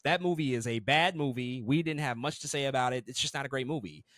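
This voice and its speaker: A man co-hosting a casual movie review podcast, talking in an animated way, swearing freely and repeating words as he restarts sentences. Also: a little high, quick pace, few pauses, no echo. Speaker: podcast co-host.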